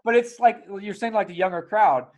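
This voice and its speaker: A podcast host with a fairly high male voice chats in a loose, energetic way. He swears freely and jumps into acted-out quotes of other people. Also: a little fast. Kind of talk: casual conversation.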